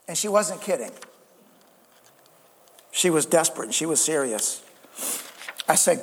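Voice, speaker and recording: A man's voice: a little high, expressive, a little slow, pauses often, breathy edge. A male pastor preaching a sermon in an earnest way, with stammered restarts and calls for an amen. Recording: reverberant church hall.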